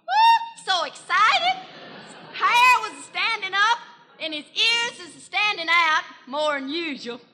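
A very high, bright-edged country gal with a rural Southern accent , put on by a woman comedian, gushing breathlessly through folksy small-town gossip. Her voice swoops up and down, and it rings out in a long hall reverb on an old 1940s radio broadcast. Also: very animated, takes it slowly, heavy background noise, full character voice. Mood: gossipy. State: has a cold.

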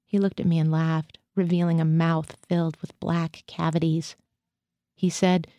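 A woman reads a first-person literary story aloud at a steady, measured pace. Her voice is low and mellow, and it is heard close up with a dry sound. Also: dry recording. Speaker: reader. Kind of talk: reading literary fiction aloud.

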